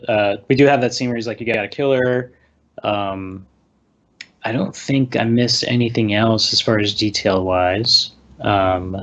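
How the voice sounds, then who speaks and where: A man recaps a movie in loose, rambling chat, slipping into quoted lines and chuckling. His voice sits in a middle pitch. The recording sounds a little muffled and lo-fi. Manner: rambling retelling, acting out lines with laughs. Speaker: podcast co-host recapping a movie. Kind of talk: casual chat. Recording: slightly dull lo-fi recording.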